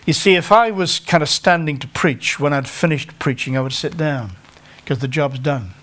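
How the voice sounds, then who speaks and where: A man's voice: on the high side, normal speed, a bit bright. A middle-aged man with a North Staffordshire English accent preaching a sermon in a conversational, self-deprecating way, often stopping to restart his phrases.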